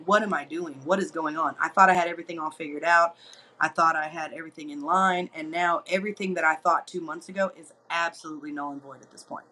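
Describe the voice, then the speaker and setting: A woman in her thirties hosting a show, talking candidly and chattily to viewers, slipping into lively quoted asides. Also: lowish voice, rough recording. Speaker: host. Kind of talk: candid personal talk to viewers.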